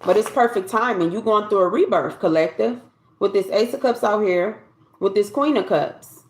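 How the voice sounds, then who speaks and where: A woman's voice: mid-range voice, normal speed, reverberant. A woman giving a collective tarot reading in a loose, conversational way, often repeating and restarting her phrases. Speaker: tarot reader.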